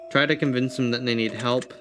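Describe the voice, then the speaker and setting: A male streamer chats his way through a personality quiz, rambling and laughing as he thinks out loud. His voice sits at an ordinary middle pitch. Soft music plays faintly underneath. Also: steady tone, fairly quick. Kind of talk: casual live-stream chat, reading quiz questions aloud.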